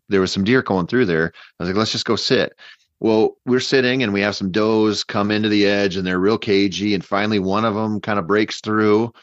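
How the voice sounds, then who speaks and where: A man casually telling a long story in a rambling, animated way, full of fillers and restarts. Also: fairly low pitch, no echo. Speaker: podcast guest hunter. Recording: dull, dry podcast mic.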